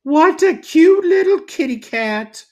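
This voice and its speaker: A man's voice: extremely high pitch, lively intonation, slow, pitched above the performer's own voice, full character voice. A man voicing an elderly woman from a storybook who coos at a kitty cat. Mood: cooing.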